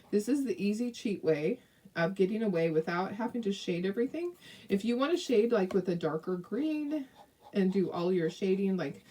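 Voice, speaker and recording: A woman's voice: medium pitch, a little mellow, far from the mic, slight background noise. Chatty woman hosting a craft demo. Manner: chatty, rambling, laughs often, many fillers. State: hiccups. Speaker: craft tutorial host. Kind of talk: casual live craft demo.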